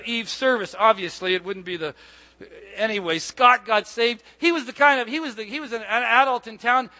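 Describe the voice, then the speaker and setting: A middle-aged man pastor preaching a sermon and telling stories in an animated way, with asides and restarts. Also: very high-pitched. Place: church hall. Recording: long hall reverb.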